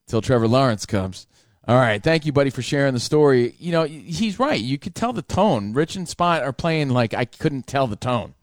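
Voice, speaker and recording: A man's voice: medium pitch, animated, normal speed, no room sound, studio quality. A man hosting a call-in radio show, talking in a heated, defensive way and swearing. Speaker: radio talk show host. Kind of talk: casual call-in chat.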